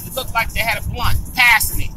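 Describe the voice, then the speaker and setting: A woman's voice: a little high, flat delivery, brisk, over music, poor audio. A woman vlogger from Saint Paul, Minnesota, delivering a heated, indignant rant to camera and repeating her points for emphasis. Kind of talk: angry personal rant to camera.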